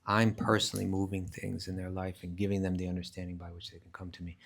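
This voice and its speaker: A man's voice: low-pitched, little pitch movement, fast talker, creaky. A man teaching a live scripture class, explaining emphatically, restarting phrases often and reciting verses in Sanskrit. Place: class at a rural retreat centre.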